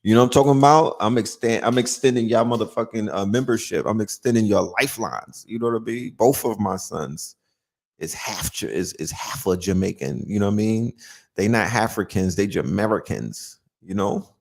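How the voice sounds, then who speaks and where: A man's voice: fairly low pitch, moderate pace, gravelly, darkish tone. A man hosting a casual live-stream chat, joking around and tagging lines with "you know what I'm saying". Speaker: host.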